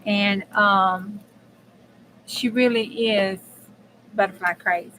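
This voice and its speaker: A woman's voice: medium pitch, fairly even intonation, slow pace, sharp tone, a little hiss or hum, poor audio. Woman, crafting livestream host; blunt, casual cussing, chats right to viewers. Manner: chatty and blunt, swears casually, talks to viewers. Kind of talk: casual live crafting chat.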